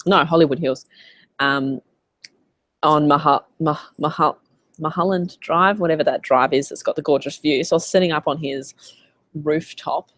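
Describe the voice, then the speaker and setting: An Australian woman coaching in a casual live Q&A, chatty and animated as she tells stories. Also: low-pitched, moderate pace, no room sound. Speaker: business coach.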